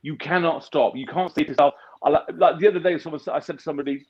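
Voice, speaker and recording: Husky man, blunt and emphatic. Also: on the high side, very fast, hardly any pauses. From United Kingdom. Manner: emphatic, blunt, swears freely. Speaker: business founder, guest. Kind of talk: motivational interview talk. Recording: dull lo-fi sound.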